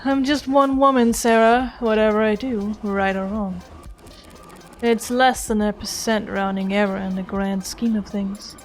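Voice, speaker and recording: A woman's voice: medium pitch, steady tone, measured pace, faint music behind, lightly acted. A woman voicing a cynical, blunt defence attorney in a game, in a dry, matter-of-fact way. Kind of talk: reading a game character aloud.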